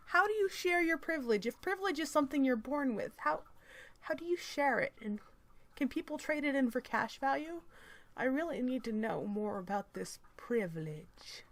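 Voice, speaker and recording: A woman's voice: high-pitched, expressive, moderate pace, no room sound. A woman reading an article aloud and commenting on it in a sarcastic, mock-innocent manner.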